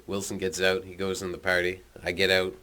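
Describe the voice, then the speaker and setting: Deep-voiced man telling a profane story. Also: monotone, fairly quick, sharp tone. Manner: laid-back, swearing, chuckling asides.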